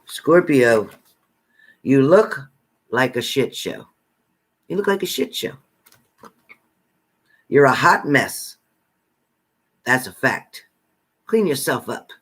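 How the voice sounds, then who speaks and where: A fairly high-voiced man reading psychic messages sign by sign. He talks bluntly and bossily, repeating his orders and swearing freely as tough love. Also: fairly bright tone. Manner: profane, repetitive, bossy tough-love commands. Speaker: psychic card reader.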